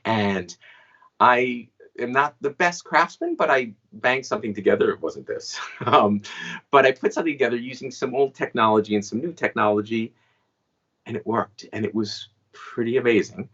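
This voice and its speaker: A man's voice: mid-range voice, moderate pace, a bit bright, slightly rough, muffled recording. A man in his fifties telling stories as an interview guest, chatty and often asking "right?" between points. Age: 50s. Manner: chatty, frequent "right?" asides. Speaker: guest magician and inventor. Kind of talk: storytelling interview answers.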